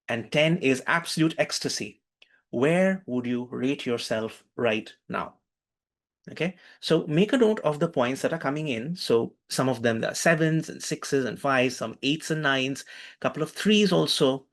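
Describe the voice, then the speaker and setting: Man leading a breathing workshop. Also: fairly high pitch. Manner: animated, calls for attention, repeats phrases. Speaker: workshop instructor. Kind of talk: online workshop teaching with guided breathing.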